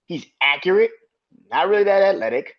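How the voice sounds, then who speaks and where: A man's voice: high-pitched, lively intonation, a little fast, highs cut off. A man hosting a solo sports podcast, ranting with heated profanity and arguing back at imagined critics. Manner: emphatic, argues with imagined critics.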